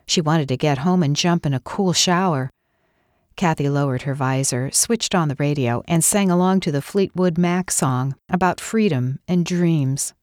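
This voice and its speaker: Low-voiced woman narrating a novel. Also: no room sound, clean studio sound. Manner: measured and expressive storytelling. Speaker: audiobook narrator. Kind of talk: scripted narration.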